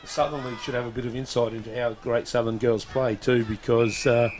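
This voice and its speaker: Australian man, guest football commentator, medium pitch, hesitant chatty delivery, faint outdoor noise. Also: fairly even intonation, brisk, darkish tone. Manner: chatty, hesitant, many fillers. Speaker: guest commentator from a local club. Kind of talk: casual sports commentary. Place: commentary box at an outdoor oval.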